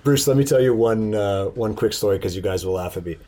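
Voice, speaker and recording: A man telling a story in casual chat, animated, swearing and laughing often. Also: on the low side, a little fast.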